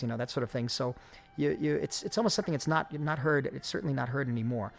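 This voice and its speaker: A man talks through a film commentary in a deeply gravelly, creaky voice. He thinks aloud with many pauses and restarts, and faint music plays behind him. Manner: reflective, many fillers and restarts. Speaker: film director giving commentary. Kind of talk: audio commentary.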